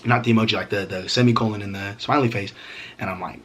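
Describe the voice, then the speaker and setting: A man's voice: on the low side, fairly even intonation, quick pace, fairly bright tone, a little hiss or hum. A young man vlogging a storytime, talking casually with heavy slang, swearing and fillers.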